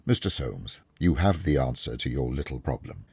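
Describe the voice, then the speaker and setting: Calm clever detective guy laying it all out step by step, read by a man, low husky voice, a bit raised. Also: no room sound, studio quality, heavily acted. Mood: explaining. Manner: measured, explaining step by step. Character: calm clever male detective, kindly but firm. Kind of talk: audiobook reading.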